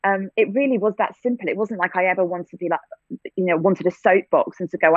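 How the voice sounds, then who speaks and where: An English actor and theatre-maker answers interview questions reflectively, with light laughs, frequent restarts and fillers. Her voice is on the low side, steady and quick, heard over a dry, phone-like line without room sound.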